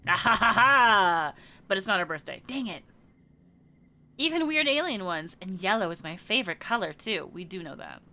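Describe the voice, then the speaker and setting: A woman's voice: medium pitch, expressive, fairly quick, sharp tone. A woman streamer chatting casually while playing a video game, thinking aloud and trailing off into murmurs. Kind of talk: casual let's-play commentary.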